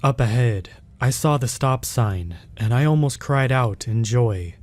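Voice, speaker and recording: A man reading a scripted first-person horror story in a steady, measured way. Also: medium pitch.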